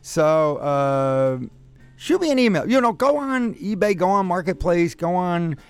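A man's voice: high voice, big pitch swings, measured pace, a little mellow, smooth, faint music behind. A man hosting a call-in radio advice show, giving friendly advice in a rambling, self-correcting way. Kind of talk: casual call-in chat.

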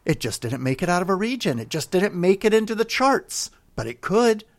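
Upbeat radio DJ man, slightly high voice. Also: sing-song, brisk. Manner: enthusiastic, rambling record-collector talk. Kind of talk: casual radio music commentary.

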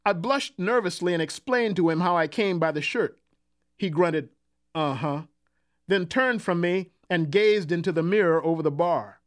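Guy reading his own story aloud, fairly high voice, measured and wry. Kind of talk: literary first-person narration.

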